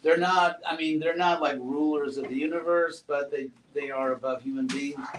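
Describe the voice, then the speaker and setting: A man giving a relaxed classroom talk, asking his students questions and adding playful asides. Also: on the high side, normal speed. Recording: roomy echo, far from mic, faint noise.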